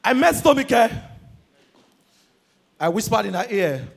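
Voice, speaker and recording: A Nigerian man doing stand-up comedy, energetic and shouting his punchlines. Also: high voice, unhurried, creaky, long pauses.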